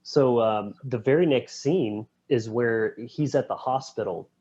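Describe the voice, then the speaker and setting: A man co-hosting a podcast, retelling film scenes in a relaxed, slangy way. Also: medium pitch, measured pace, husky, lo-fi sound. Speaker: podcast co-host. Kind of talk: casual film discussion.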